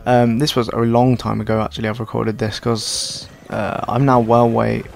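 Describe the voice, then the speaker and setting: Young male gaming commentator, tired and hoarse, gravelly, self-deprecating rambler. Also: medium pitch, little pitch movement, normal speed. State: hoarse, sore throat. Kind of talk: casual gameplay commentary.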